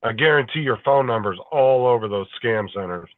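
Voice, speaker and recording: A man's voice: mid-range voice, lively intonation, a little fast, no room sound. A man chatting casually with a wry, matter-of-fact manner. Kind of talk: casual chat. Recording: dry tinny phone line.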